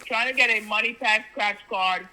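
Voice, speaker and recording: A Jamaican-accented man with a high, very bright voice talks over the phone. He repeats his instructions insistently, in broken grammar. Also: normal speed, poor audio. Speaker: phone scammer. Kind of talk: phone call.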